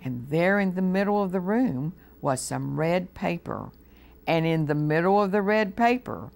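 A woman with an American accent reading a storybook aloud to children on a TV show, slow and gently expressive. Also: low voice, vocal fry. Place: TV studio.

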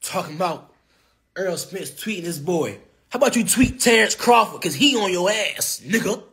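A man's voice: high voice, lively intonation, moderate pace, vocal fry, a bit bright. A young man trash-talking rivals on a phone live stream, brash and taunting, often laughing and repeating himself. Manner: brash, taunting, repetitive, laughs mid-sentence. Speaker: boxer on a social media live stream.

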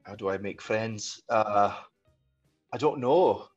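A man attempting a hesitant, lower-pitched Scottish accent over a dull lo-fi call line with faint music behind, unsure of himself. The voice wavers as he tries to hold the accent. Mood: sheepish. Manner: halting, unsure, laughing it off.

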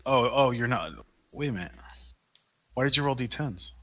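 A man's voice: medium pitch, lively intonation, moderate pace. A man at a tabletop game, chatting casually and working out the rules aloud. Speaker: player.

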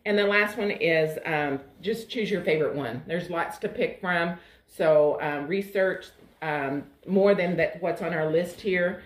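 A woman explaining laughter yoga exercises in a plain, unhurried, casual way, as an instructor. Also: lowish voice. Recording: echoey room.

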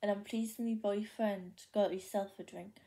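A young Geordie woman chats to her camera and tells a long story from her day, looping back with plenty of ums, likes and restarts. Her voice is mellow and soft, never sharp. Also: mid-range voice, fairly even intonation, moderate pace. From North East England. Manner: rambling, many fillers and restarts. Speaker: vlogger. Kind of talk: casual chatty storytelling.

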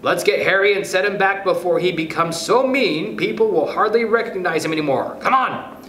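A man's voice: high voice, animated, moderate pace, bright, forceful tone, voice pushed up. Stuart, a fussy mouse chairman, voiced by a man. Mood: earnest. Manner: solemn, lecturing, bossy. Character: earnest, fussy little male mouse chairman. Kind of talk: storybook reading. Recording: echoey room, faint background noise.

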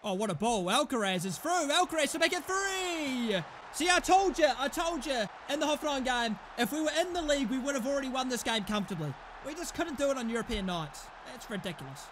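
A young man commentating his own football management game, raging and swearing loudly at his players. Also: extremely high pitch, animated, fast, a little hiss or hum. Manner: furious, swearing, shouting at players. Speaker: gaming YouTuber. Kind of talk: live gameplay commentary.

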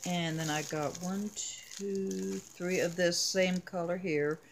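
Woman, craft haul vlogger, slow and chatty, ums a lot, faint background noise. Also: lowish voice, fairly even intonation, gravelly. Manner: unhurried, chatty, with frequent ums. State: has the hiccups. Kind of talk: casual show-and-tell.

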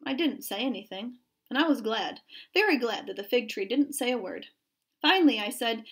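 High-voiced woman reading a storybook aloud. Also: moderate pace. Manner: expressive, storytelling.

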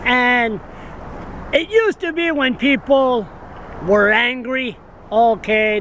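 A man's voice: sits high, fairly bright tone, low-quality recording. A man in his sixties ranting to a camera on a stand outdoors, agitated and rambling, repeating himself, with wind and traffic around him. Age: 60s. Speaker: vlogger. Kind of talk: casual rant to camera. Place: outdoors in windy town street with traffic. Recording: outdoor street noise and wind.

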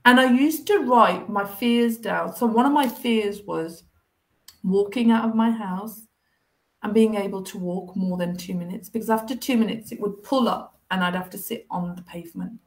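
A woman telling her recovery story in a casual interview, acting out past conversations with lively changes of voice, heard over a video call. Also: mid-range voice, normal speed. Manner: animated, acts out past conversations.

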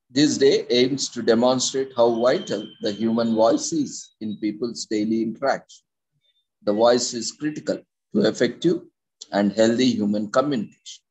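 Man, husky voice, measured reading pace, hesitant fillers, informative talk. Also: medium pitch, darkish tone, rough recording. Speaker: presenter of a daily topic segment.

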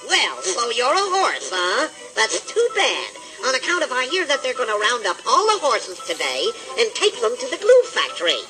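Daffy Duck, sputtering and cheeky. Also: male voice, extremely high pitch, huge pitch swings, moderate pace, few pauses, heavily acted, poor audio. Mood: wisecracking. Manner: sarcastic, cheeky. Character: wisecracking cartoon duck, sly and mocking. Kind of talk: 1950s children's record acting. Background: music.

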